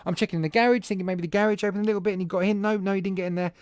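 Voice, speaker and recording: A man hosting a podcast, telling a rambling, animated story to his live chat at home with self-deprecating asides. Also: high voice, rapid-fire, clean tone, no room sound, studio quality. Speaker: podcast host.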